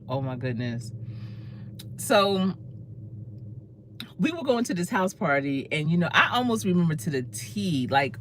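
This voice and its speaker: A woman in her fifties tells a casual story with an animated, swooping voice. She laughs often as she talks. A faint hum of room noise sits behind her. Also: fairly low pitch. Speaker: career coach.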